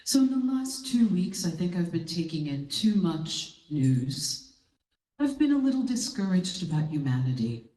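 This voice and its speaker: A woman giving a sermon as a guest speaker, telling a personal story with lively energy and acting out the voices of the people in it. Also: low voice. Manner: animated, acts out quotes in voices. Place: church hall. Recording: roomy hall, distant mic.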